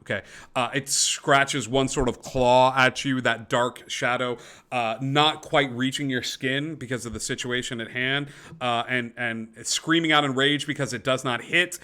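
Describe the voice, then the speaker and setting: A man's voice: mid-range voice, steady tone, normal speed, sharp tone. A man narrating as game master for a tabletop game over a call, descriptive and full of fillers and restarts.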